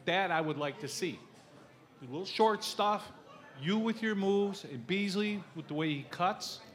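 A man's voice: high voice, unhurried, a bit bright. A middle-aged man, a fan at a live show, asking a rambling question with many hesitations.

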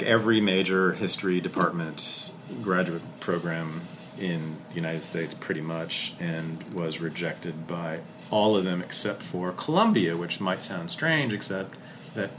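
A middle-aged man, a historian, telling his life story in a casual interview, candid and animated, swearing casually. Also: low voice, background noise.

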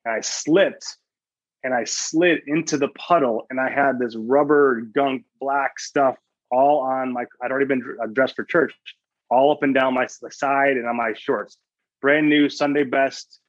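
A man in a podcast interview, telling a personal story earnestly and often restarting mid-sentence. His voice sits at an ordinary pitch. The recording is a little muffled and very dry. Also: steady tone, moderate pace, no room sound. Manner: earnest storytelling, quoting his own thoughts, frequent restarts. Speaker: guest, sports chaplain.

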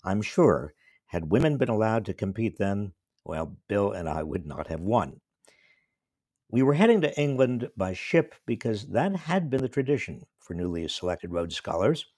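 Older guy from upstate new york, deep raspy voice, wry reflective storytelling, dead dry room. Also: big pitch swings, moderate pace, darkish tone, dry recording. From small-town New York State. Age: 70s. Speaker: professor and commentator. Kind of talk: storytelling monologue.

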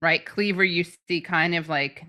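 A young woman co-hosting a podcast, chatting casually in a playful, quick-witted way. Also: on the low side, steady tone, sharp tone. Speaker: podcast co-host. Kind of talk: casual chat.

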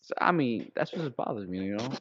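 A man co-hosting a small podcast, talking casually and rambling, getting animated when he quotes people. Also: medium pitch, fast, slightly rough, no echo, highs cut off. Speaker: podcast co-host.

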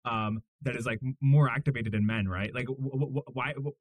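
A male podcast host builds his questions slowly, stumbling over his words and restarting them. His voice is pitched at an average level. The recording is dry, with no room sound. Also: no echo. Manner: halting, stammering as he forms questions. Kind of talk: interviewing, casual chat.

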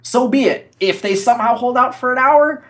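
A man co-hosting an esports analysis show, giving opinionated, animated breakdowns and acting out what players say. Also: extremely high pitch, normal speed. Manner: animated, opinionated, acts out quotes. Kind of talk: casual analysis chat.

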